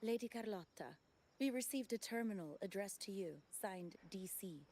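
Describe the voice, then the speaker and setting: A woman's voice: mid-range voice, animated, moderate pace, a little mellow. An actress voicing a dutiful female attendant in a video game, formal, polite and businesslike. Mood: formal report. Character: dutiful female attendant reporting to her lady.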